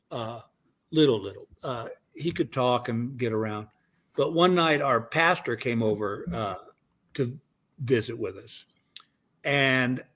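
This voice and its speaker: A man's voice: medium pitch, a bit bright. An older man, a guest comedian, telling stories in casual chat and rambling with many restarts.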